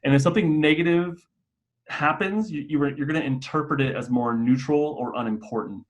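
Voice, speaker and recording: A man's voice: fairly high pitch, fairly quick, muffled recording. A man who works as a mental health clinician, presenting a staff and parent training in a casual, explanatory way with occasional restarts.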